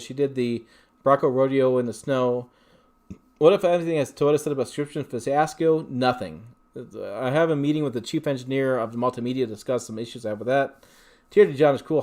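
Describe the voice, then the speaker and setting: A man with a medium-pitched, somewhat dark voice hosts a casual livestream. He reads out viewer questions and answers them chattily, rambling along with plenty of fillers and restarts.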